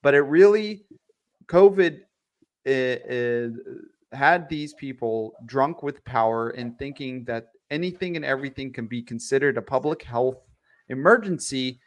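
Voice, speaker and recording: A man's voice: mid-range voice, a little slow. A man co-hosting a casual political commentary show, explaining things with many fillers and easy laughs. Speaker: co-host.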